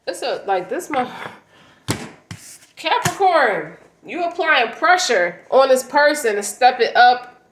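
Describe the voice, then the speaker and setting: A woman's voice: sits high, animated, slow, a bit bright, reverberant, slight background noise, low-quality recording. Blunt, slangy woman reading tarot. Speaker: tarot reader.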